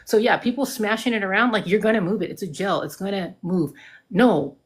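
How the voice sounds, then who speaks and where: A woman's voice: mid-range voice, a little fast, slightly rough. A woman cosmetic nurse practitioner in casual live-stream chat, emphatic and informal, saying "like" a lot. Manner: chatty, emphatic, says "like" and "dude" often. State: getting out of breath.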